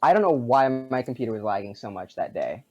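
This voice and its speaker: A man co-hosting a casual gaming podcast, sarcastic and quick to laugh. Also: mid-range voice, sing-song, mellow, highs cut off. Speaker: podcast co-host. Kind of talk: casual chat.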